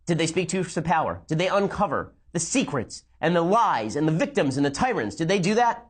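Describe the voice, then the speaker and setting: A man's voice: a little high, very animated, brisk, breathy edge. Sarcastic, argumentative male commentator. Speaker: political commentator. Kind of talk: sarcastic commentary reacting to a speech.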